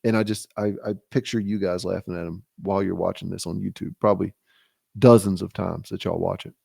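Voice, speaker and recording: A man's voice: sits low, little pitch movement, fairly quick, vocal fry, darkish tone, breathy edge, dry recording, clean studio sound. A man in his late thirties giving a casual, joking fantasy league recap, teasing his friends and mocking himself. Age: late 30s. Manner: teasing, self-mocking, mock-exasperated rants.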